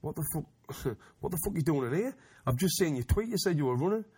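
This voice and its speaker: A man's voice: fairly high pitch, expressive, a little fast, a little mellow, slight background noise, pitched above the performer's own voice, lightly acted. A man voicing his crude, teasing young male friend who swears in disbelief. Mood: mocking. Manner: swearing, incredulous.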